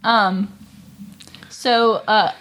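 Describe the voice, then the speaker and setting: A woman's voice: mid-range voice, fairly even intonation, very slow, a bit bright. A young woman co-hosting a casual reaction show, rambling with lots of ums while she reads out trivia and viewer comments. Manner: rambling, with frequent ums and laughs. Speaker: co-host of a show reacting to cartoon episodes. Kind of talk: casual chat.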